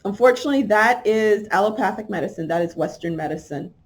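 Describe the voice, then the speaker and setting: A woman's voice: mid-range voice, expressive, fast talker. A woman hosts a talk show and comments on an article as she reads it aloud. She talks straight to her listeners, often asking them questions. She stresses her points by repeating key words. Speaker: podcast host. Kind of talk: commentary while reading from an article.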